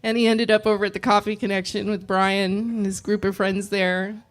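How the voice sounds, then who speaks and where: A woman giving a eulogy for her father, speaking softly and hesitantly, close to tears. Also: medium pitch, little pitch movement, normal speed. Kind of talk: memorial speech.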